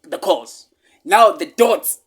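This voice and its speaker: Husky South African man telling a story. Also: sits high, lively intonation, takes it slowly. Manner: emphatic, repetitive, often dropping to hushed asides. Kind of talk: casual personal storytelling.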